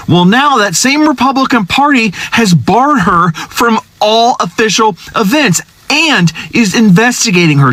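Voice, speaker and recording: A man's voice: high voice, a bit bright, dry recording. A man giving scornful, emphatic commentary in a social media video.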